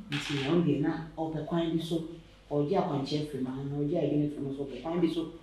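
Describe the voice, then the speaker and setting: A man's voice: fairly high pitch, steady tone, a little fast, mellow, heavy reverb, recorded from a distance, a little hiss or hum, natural voice, low-quality recording. A man with a Ghanaian accent acting an aggrieved man of the house who complains and explains at length. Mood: complaining. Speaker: actor in a web drama. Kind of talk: dramatic dialogue.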